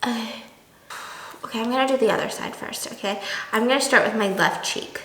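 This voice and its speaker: A young woman chatting casually in a vlog, animated and laughing as she tells stories. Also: fairly high pitch, brisk, reverberant, rough recording. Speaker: beauty vlogger.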